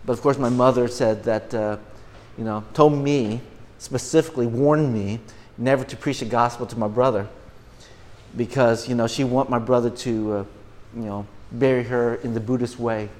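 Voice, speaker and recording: A middle-aged man preaching a sermon to a congregation, earnest, often repeating and restarting words, rising now and then to loud, emphatic bursts. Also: medium pitch, fairly even intonation, moderate pace, big-room sound. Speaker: pastor.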